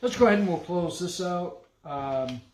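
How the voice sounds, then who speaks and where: A man hosting a live online auction, briskly calling out lots and closing bids. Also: high voice, expressive, darkish tone, a little hiss or hum. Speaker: auction host.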